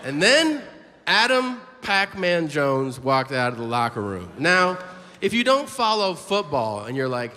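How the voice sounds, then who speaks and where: A man performing stand-up on a comedy stage into a handheld mic, telling stories animatedly and acting out the quotes himself. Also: high-pitched. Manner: animated storytelling with acted-out quotes. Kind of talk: stand-up set. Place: comedy stage before a live audience. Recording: live hall reverb with crowd noise.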